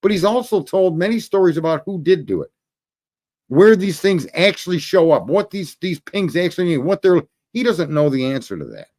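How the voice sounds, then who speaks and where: A man hosting a ranting livestream, talking profanely and combatively as he calls out commenters by name. His voice sits a touch high for a man and moves with a lively, swinging pitch. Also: moderate pace. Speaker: livestream host.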